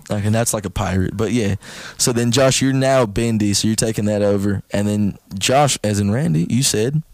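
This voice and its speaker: A man's voice: fairly low pitch, moderate pace, hardly any pauses, a little mellow, dry recording. A young man hosting a casual comedy podcast, joking and laughing often. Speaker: podcast host.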